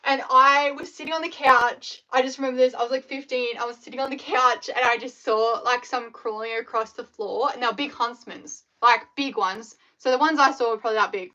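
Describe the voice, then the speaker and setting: A woman's voice: fairly high pitch, steady tone, brisk, few pauses, bright, forceful tone. A young Australian woman chatting casually on a live stream, rambling with lots of fillers. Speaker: scrunchie maker live-streaming. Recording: dull lo-fi livestream audio.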